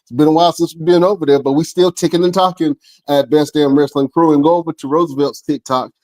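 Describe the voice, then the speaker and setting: A man's voice: a little high, fairly even intonation, fast talker, a little mellow. A man hosting a wrestling podcast, chatting casually and enthusiastically with slangy talk and easy laughter. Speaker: podcast host. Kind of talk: casual interview chat.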